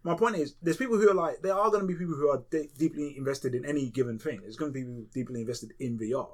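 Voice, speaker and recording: A man co-hosting a casual gaming podcast, animated and joking, with frequent swearing. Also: on the high side, rapid-fire. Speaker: podcast co-host.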